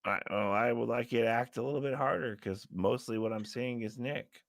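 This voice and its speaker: A man's voice: mid-range voice, a little fast, gravelly, no room sound. A man bantering on a live stream and giving dry, mock-directorial critique. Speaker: stream co-host. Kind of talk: casual comedic banter.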